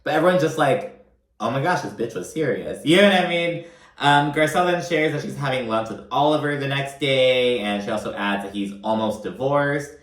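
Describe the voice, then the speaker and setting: A man's voice: mid-range voice, a little fast, fairly bright tone, echoey room. A man giving casual, profane, gossipy recap commentary on a reality show, full of fillers.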